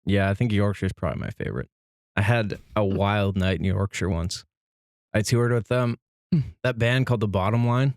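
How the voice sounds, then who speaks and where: Man, slightly low voice, laid-back, casual swearing, dry close mic. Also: moderate pace, darkish tone, no room sound. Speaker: podcast co-host. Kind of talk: casual podcast chat.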